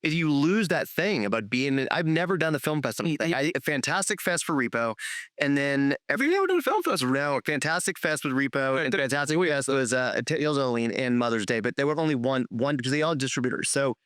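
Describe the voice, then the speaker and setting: A middle-aged man hosting a podcast, telling long stories in a loose, profane, animated way with many restarts. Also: medium pitch, quick pace, dry recording, clean studio sound. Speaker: podcast host, filmmaker. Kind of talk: casual storytelling chat.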